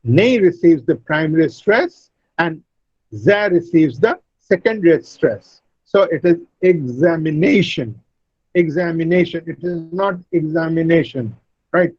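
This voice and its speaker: A man teaching English word stress in an online lecture, speaking deliberately and repeating each word to model it. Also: on the high side, animated, darkish tone, slightly rough, dry recording, lo-fi sound. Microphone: computer mic on a video call.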